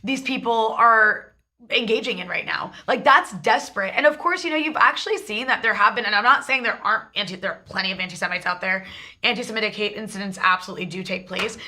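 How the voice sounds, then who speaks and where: Bright, emphatic woman talk-show host. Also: medium pitch, quick pace. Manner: emphatic, talks in long run-on stretches. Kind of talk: political commentary.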